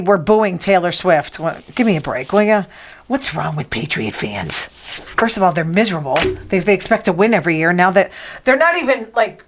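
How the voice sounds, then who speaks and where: Middle-aged woman host riffing on celeb news, mid pitch, chatty and opinionated, teasing whoever's nearby. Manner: chatty, opinionated, teasing asides to people in the room. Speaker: podcast host. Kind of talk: casual news and gossip chat.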